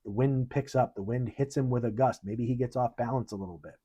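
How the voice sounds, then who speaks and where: Husky-voiced pastor preaching earnestly. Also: male voice, mid-range voice, brisk, muffled recording. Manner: earnest, conversational preaching with animated emphasis. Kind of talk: sermon.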